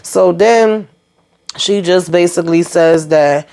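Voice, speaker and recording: A woman's voice: on the low side, takes it slowly, warm tone. A woman hosting a casual TV recap, chatty and sassy, retelling scenes through quoted dialogue. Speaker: reality TV recap host.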